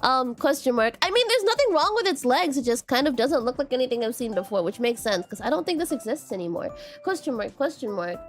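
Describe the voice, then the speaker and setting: A woman's voice: high-pitched, soft background music. A woman streamer in casual live chat, rambling about animals while reading chat aloud and greeting viewers. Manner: rambling, reads chat aloud, repeats "question mark"; animated, quick laughs and bursts of excitement.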